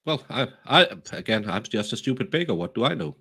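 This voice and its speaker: A man with a Danish accent, talking through a case in a casual, animated, self-deprecating way, often restarting his sentences. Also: medium pitch, brisk, slightly rough. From Denmark. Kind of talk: casual true-crime discussion.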